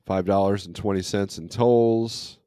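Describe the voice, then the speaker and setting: Low-voiced guy doing a chill morning stream from home, rambling on, dry no-echo room. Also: steady tone, a little slow, warm tone, clear, resonant tone. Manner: laid-back, rambling, reads viewer comments aloud. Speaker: livestream host, trucker. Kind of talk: casual chat. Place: at home, not in a truck.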